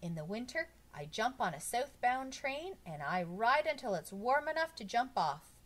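A woman's voice: fairly high pitch, big pitch swings, moderate pace, pitched above the performer's own voice. Bob, a woman doing a breezy, sockless homeless man. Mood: easygoing. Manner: matter-of-fact, bursts into shouting. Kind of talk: storybook read-aloud.

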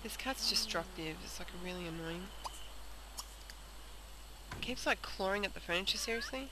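A woman's voice: medium pitch, expressive, measured pace, long pauses. A young woman casually commenting on a video game, chatting aloud and talking to the characters. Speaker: let's play host. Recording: noisy home recording.

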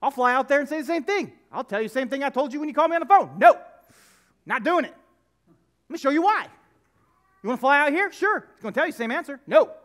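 A man's voice: extremely high pitch, lively intonation, fast, long pauses, a bit bright. A man preaching a sermon as pastor, telling personal stories in a conversational, emphatic way with lots of repetition. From United States. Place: church sanctuary.

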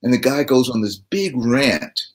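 A man's voice: medium pitch, unhurried. A man telling theater anecdotes as a talk show guest, acting out the quotes as he goes. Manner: animated storyteller, acts out quotes.

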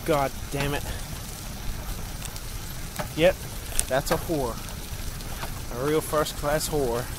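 A man's voice: a little high, fairly even intonation, very slow. A man talking in a crude, rambling, profane way while driving around at night. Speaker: vlogger. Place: in a car outdoors at night. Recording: night insects and road noise behind.

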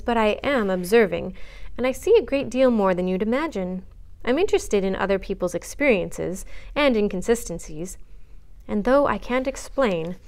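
A woman reading aloud the part of a frank, observant young woman who gently scolds a friend. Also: fairly high pitch. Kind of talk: read-aloud storybook dialogue.

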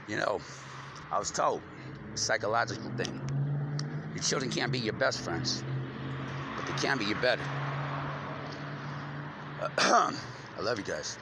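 Rambling man outdoors, traffic behind. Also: mid-range voice. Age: adult. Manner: loose stream of consciousness, slangy, rhyming wordplay. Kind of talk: rambling freestyle monologue. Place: outdoors on a front porch at night. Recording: noisy outdoor recording with traffic.

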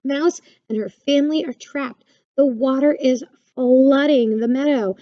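A woman's voice: high voice, measured pace, no echo, muffled recording, pitched above the performer's own voice. A woman voicing a male fox in a storybook, calling out urgently. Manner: shouting, urgent.

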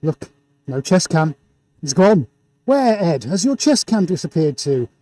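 A painter and livestream host talks through a face mask in an indoor studio, eagerly giving viewer shout-outs with a showman's flair. His voice is fairly high, his pace a little slow, and there's no room sound.

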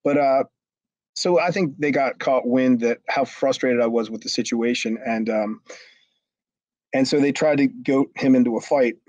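A middle-aged former wrestler telling a story in an interview, rambling with many fillers and swearing. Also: male voice, mid-range voice, moderate pace, dry recording. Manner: rambling, many fillers, swears, acts out others' shouted lines. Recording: dull lo-fi dry sound.

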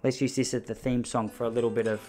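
A man in his thirties talks alone into his podcast mic, rambling from thought to thought. He jokes and pokes fun at himself. His voice sits at an ordinary middle pitch. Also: little pitch movement, quick pace, warm tone. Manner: rambling, self-mocking, jokey asides. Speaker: podcast host. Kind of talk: solo podcast monologue.

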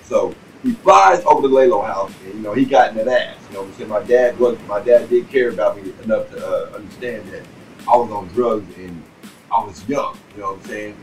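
A man telling a personal story in a casual, rambling monologue full of profanity and "you know what I'm saying." He swings between loud bursts and low muttering. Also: fairly quick, soft background music. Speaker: vlogger telling a life story. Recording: distant mic with faint background noise.

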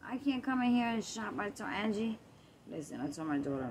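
A woman's voice: medium pitch, sing-song, fairly quick, a little mellow, a little hiss or hum. A woman vlogging on a night walk through her neighborhood, casually and animatedly retelling a story with lots of quoted back-and-forth. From Puerto Rico. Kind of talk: casual storytelling while walking. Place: outdoors in a quiet neighborhood at night.

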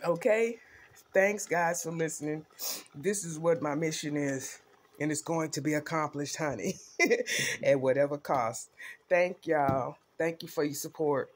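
A woman's voice: low voice, unhurried. A woman with a Southern accent vlogging casually about cooking for the homeless, folksy and full of "honey" and "I bet you". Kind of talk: casual vlog to camera. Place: outdoors in a park.

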